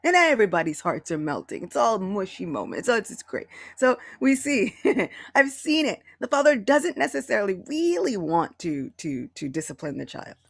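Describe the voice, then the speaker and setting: Creaky-voiced woman teaching a devotional class. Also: medium pitch, big pitch swings, moderate pace, dry recording, studio quality. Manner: storytelling, with acted-out quotes. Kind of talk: devotional talk on a video call. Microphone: video call.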